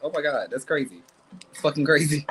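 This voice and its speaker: A man's voice: on the high side, fairly quick, a little hiss or hum, rough recording. A man doing a casual live tarot reading, talking bluntly and swearing often. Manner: blunt, animated, swears and laughs a lot. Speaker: tarot reader.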